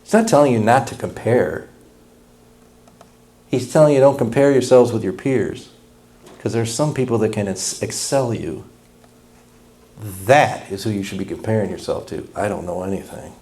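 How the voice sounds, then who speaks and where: A pastor preaching a sermon in a blunt, folksy, impassioned way. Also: male voice, medium pitch, lively intonation, moderate pace, long pauses, warm tone.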